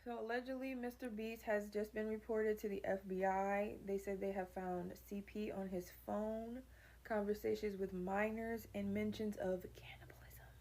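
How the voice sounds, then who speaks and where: Mellow-voiced woman, gossipy aside. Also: medium pitch, level tone, moderate pace. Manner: gossipy, unsurprised. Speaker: social video commentator. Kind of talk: casual commentary.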